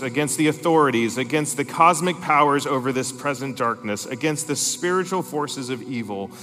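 A man's voice: mid-range voice, fairly bright tone. Man preaching a sermon in a reverberant hall. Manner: emphatic, reads scripture aloud with rising intensity. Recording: long reverb in a large hall, faint music.

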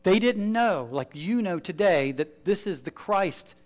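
A man preaching a sermon as pastor, animated, swinging between loud emphasis and hushed asides. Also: sits high, unhurried.

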